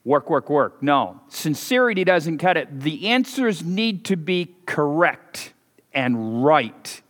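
A man preaching a sermon as pastor, telling folksy stories and leaping higher and louder for emphasis. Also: animated, slow. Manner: folksy storytelling, swings loud and high for emphasis. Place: church sanctuary. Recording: preached in a hall with long reverb.

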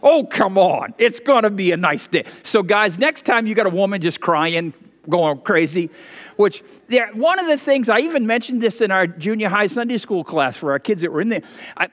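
Male pastor, high voice, sermon, animated rambling asides, long hall reverb. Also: normal speed. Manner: animated, digressive storytelling with asides.

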